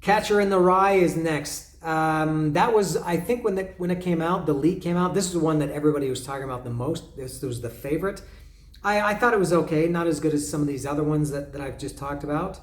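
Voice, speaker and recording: A man's voice: a little high, a little fast, echoey room. A man hosting a casual album review, musing with many hesitations and humming bits of melodies. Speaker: podcast host reviewing an album. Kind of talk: casual solo commentary.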